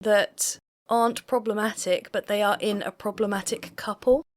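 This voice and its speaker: A woman co-hosting a reaction podcast about a reality show, talking in a measured, analytical way and laughing easily. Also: mid-range voice, fairly even intonation. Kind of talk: casual chat.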